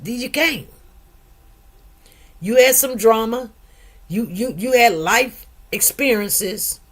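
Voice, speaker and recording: A middle-aged woman hosts a casual livestream, speaking slowly in a fairly high, animated voice. She's chatty and emphatic, talking directly to her listeners and dropping in frequent asides.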